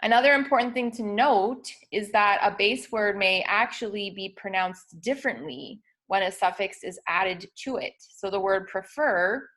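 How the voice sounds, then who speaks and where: A woman's voice: mid-range voice, fairly bright tone. A young woman teaching spelling rules in a patient, methodical way, with frequent ums and small self-corrections. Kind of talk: instructional explanation of spelling rules.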